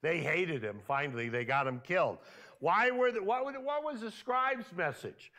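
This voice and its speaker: A man's voice: fairly high pitch, lively intonation, normal speed, sharp tone. A male pastor preaching a sermon in church, talking conversationally and peppering the congregation with questions. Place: church sanctuary.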